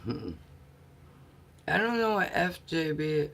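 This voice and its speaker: A woman vlogger chatting casually with her viewers and telling stories, often clearing her throat and laughing softly. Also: sits low, big pitch swings, slow. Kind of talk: casual live chat.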